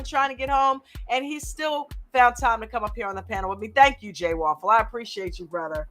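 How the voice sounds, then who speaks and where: A woman hosting a live stream chat, greeting viewers by name in a lively, casual way and laughing often. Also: a little high.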